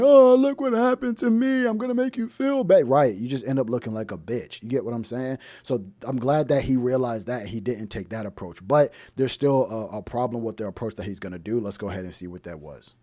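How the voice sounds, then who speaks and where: A man delivers reaction commentary in a blunt, preachy way, circling back to the same questions again and again. His voice sits at an ordinary pitch and the recording is dry, with no room sound. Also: brisk, few pauses, mellow, no room sound. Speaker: relationship commentary host.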